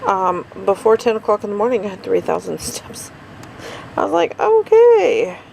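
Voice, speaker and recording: A woman's voice: mid-range voice, steady tone, moderate pace, creaky, a little mellow, a little hiss or hum, rough recording. A tired middle-aged woman rambling through a casual daily vlog, full of fillers and asides. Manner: rambling, chatty, lots of fillers. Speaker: vlogger.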